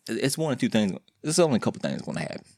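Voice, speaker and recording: A man's voice: mid-range voice, big pitch swings, racing, gravelly, darkish tone, no echo, studio quality. A man hosting his own podcast, talking alone in a rambling, slangy, joking way with lots of restarts. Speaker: podcast host. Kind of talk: casual solo podcast monologue.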